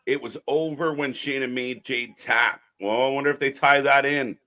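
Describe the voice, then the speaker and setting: A man co-hosting a live wrestling watch-along, animated and swearing, talking to viewers as folks. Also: medium pitch, normal speed. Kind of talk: live alternative commentary chat.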